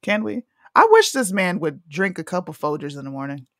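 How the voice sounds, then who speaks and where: Animated, goofy woman co-host on a call. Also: on the low side, a little fast, no room sound, clean studio sound. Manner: goofy, animated, jokey asides. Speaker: podcast co-host. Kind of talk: casual chat.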